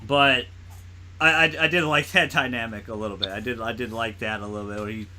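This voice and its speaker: A man's voice: mid-range voice, fairly even intonation, fairly quick, pushed and bright. A man co-hosting a podcast, rambling through a casual movie chat with lots of laughing and swearing. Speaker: podcast co-host.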